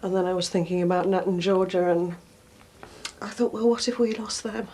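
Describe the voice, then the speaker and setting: A woman's voice: fairly low pitch, fairly even intonation, a little fast, a little mellow, a little hiss or hum, lightly acted. An actress playing a worried, guilt-ridden mother in a TV soap drama, speaking anxiously.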